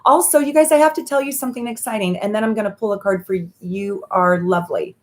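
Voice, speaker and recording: A woman's voice: medium pitch, fast. A woman astrologer hosting a casual live stream, chatting effusively and pulling tarot cards for viewers. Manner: bubbly and effusive, with laughs and "um" fillers. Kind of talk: casual live-stream chat with card readings.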